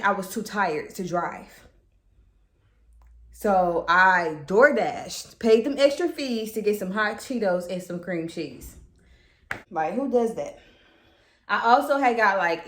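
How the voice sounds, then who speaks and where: A woman's voice: mid-range voice, measured pace, a bit bright, roomy sound. A pregnant woman in casual storytime chat at home, retelling things dramatically with slang and swearing. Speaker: vlogger telling her own story. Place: her apartment.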